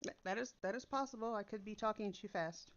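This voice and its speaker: A woman chatting casually to her audience, talking bluntly and dropping swear words along the way. Her voice sits at an ordinary middle pitch. The sound is a bit dull and lo-fi, as if it is picked up by a computer's built-in microphone. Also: a little fast. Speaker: content creator. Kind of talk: casual chat. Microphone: built-in computer mic instead of her usual microphone.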